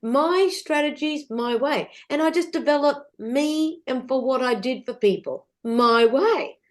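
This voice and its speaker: Middle-aged female guest, lively rambling storyteller, slightly high voice, casual swearing. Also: unhurried. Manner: animated, rambling, with frequent restarts and swearing. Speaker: podcast guest. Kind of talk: candid storytelling interview.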